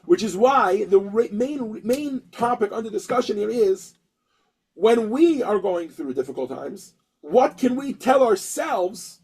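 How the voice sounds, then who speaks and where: Husky high-voiced man teaching a lesson. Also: unhurried, poor audio. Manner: animated storyteller acting out characters, frequent restarts. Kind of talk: storytelling lesson.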